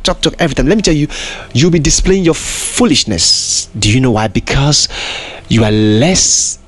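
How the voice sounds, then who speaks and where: A man's voice: medium pitch, breathy edge. A man hosting a podcast, preaching in an emphatic, repetitive way full of rhetorical questions. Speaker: podcast host. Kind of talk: preaching monologue.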